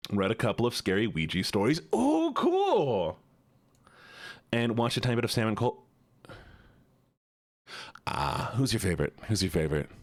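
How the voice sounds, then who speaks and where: A man streaming live, chatting with viewers in an excitable, chatty way and greeting and thanking them. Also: deep voice. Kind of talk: casual livestream chat.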